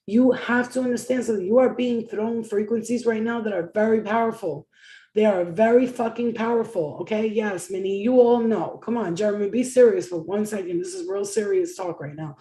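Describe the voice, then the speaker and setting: A woman's voice: medium pitch, normal speed, warm tone, echoey room. A woman giving a casual live-stream tarot reading, blunt and profane, often chanting phrases over and over. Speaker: tarot reader.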